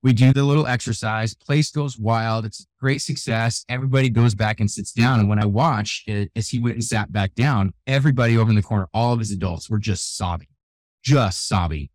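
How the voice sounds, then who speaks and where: An older man talks energetically as an interview guest, acting out the voices of people in his stories. His voice sits a bit low and sounds dry and close to the mic. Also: a little fast, no echo. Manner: energetic, animated storyteller who acts out quotes. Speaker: guest, youth keynote speaker. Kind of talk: storytelling interview talk.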